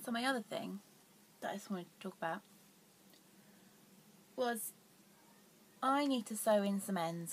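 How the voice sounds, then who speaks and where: A woman's voice: fairly low pitch, measured pace, pauses often, a little hiss or hum. A young woman hosting a casual knitting vlog, rambling and self-deprecating, with her voice dropping to near whispers at times. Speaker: knitting podcast host.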